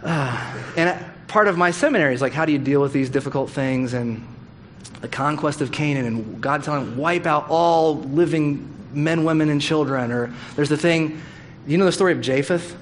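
A man's voice: mid-range voice, a little fast, slight background noise. A man preaching a sermon as pastor, candid and conversational, with humorous asides. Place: church hall.

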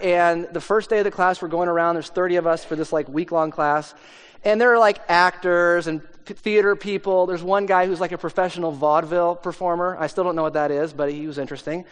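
A man, a pastor, telling a self-deprecating story in a conversational sermon, with plenty of fillers. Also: on the high side. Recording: long hall reverb.

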